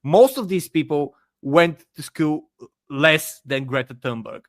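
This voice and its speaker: A man speaking as a podcast guest, giving forceful opinions with frequent hesitations. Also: a little high, lively intonation, a little slow, no room sound. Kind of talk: casual online debate chat.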